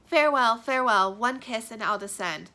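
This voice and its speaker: A woman's voice: a little high, expressive, normal speed, bright, forceful tone. A woman reading the part of Romeo, a young man saying a tender farewell, with earnest, lingering verse delivery. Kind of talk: dramatic reading of a play.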